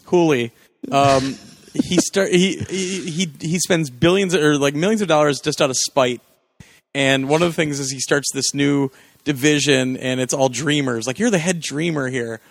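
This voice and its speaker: A man co-hosting a podcast, chatting casually and laughing often as he retells TV scenes with excitement. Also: on the high side, moderate pace, no room sound, studio quality. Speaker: podcast co-host. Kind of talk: casual chat about TV.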